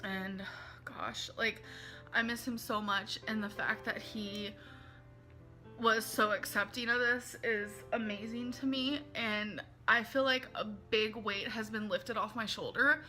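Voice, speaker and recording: A woman's voice: on the high side, steady tone, a little slow, sharp tone, faint music behind. A woman in a confessional vlog, earnest and emotional, reading out messages and talking them through. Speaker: vlogger.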